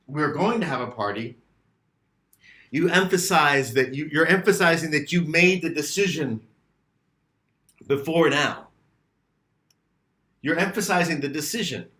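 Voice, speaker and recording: Man, english teacher, fairly high voice, echoey room, animated, repeats himself. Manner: animated, repeats and rephrases points, acts out student questions. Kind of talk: grammar lesson explained to students.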